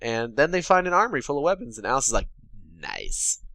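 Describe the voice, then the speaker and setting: A man's voice: medium pitch, animated, rapid-fire, sharp tone, dry recording. Profane, sarcastic man recapping a movie. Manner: sarcastic, profane, paraphrases characters in quotes. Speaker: podcast co-host. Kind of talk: casual recap chat.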